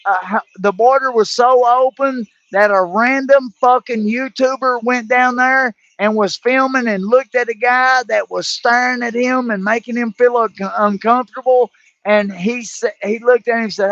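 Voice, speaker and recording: A man's voice: extremely high pitch, steady tone, normal speed, fairly bright tone, no room sound. A man hosting a livestream, ranting angrily about politics, swearing heavily and stumbling through restarts. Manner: profane, heated, stumbling restarts. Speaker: livestream host. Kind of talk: angry political rant. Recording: dull lo-fi livestream audio.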